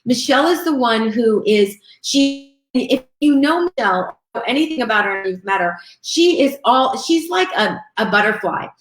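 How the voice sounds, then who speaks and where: A woman's voice: fairly high pitch, expressive, moderate pace, few pauses, reverberant. A woman giving a live webinar talk, upbeat, thanking viewers and reading out their chat comments. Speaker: webinar presenter.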